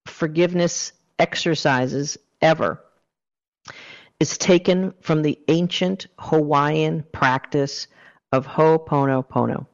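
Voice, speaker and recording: A man's voice: a little high, creaky. A man giving a motivational self-help talk, coaching the listener earnestly through a guided exercise. The recording sounds dull and lo-fi.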